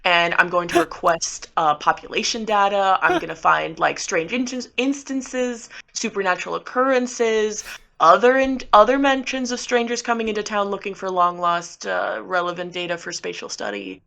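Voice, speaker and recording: A woman's voice: medium pitch, moderate pace, creaky, bright, forceful tone. A woman playing in a tabletop game, rambling playfully and cutting herself off mid-word. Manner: rambling, self-interrupting, playful. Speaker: player. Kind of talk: tabletop role-play chat.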